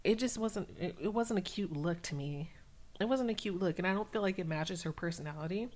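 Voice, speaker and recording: A woman's voice: lowish voice, brisk. Chatty woman recapping reality TV. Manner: chatty, animated retelling with many fillers. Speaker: recap channel host. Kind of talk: casual TV recap.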